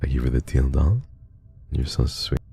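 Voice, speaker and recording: A young man streaming and reading donations in a casual chat, soft and affectionate, sometimes teasing his viewers. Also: a bass voice, moderate pace, gravelly, breathy edge, faint music behind.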